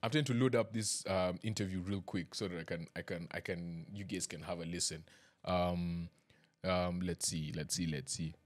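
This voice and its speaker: A man's voice: deep voice, fairly even intonation, normal speed. A man hosting a podcast in a casual, chatty and self-deprecating way, joking with his listeners over a desk mic. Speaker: podcast host. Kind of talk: casual chat.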